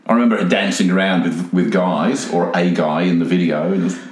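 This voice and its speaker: Deep-voiced man with dry humor. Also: steady tone, a little fast, slight background noise. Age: around 50. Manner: dry mock-serious joking. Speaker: podcast co-host. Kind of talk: casual podcast chat. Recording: roomy echo.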